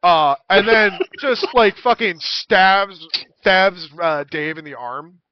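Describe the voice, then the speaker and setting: High-voiced giggly man running a tabletop game. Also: takes it slowly, no room sound, lo-fi sound. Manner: giggly, animated, swearing. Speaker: dungeon master.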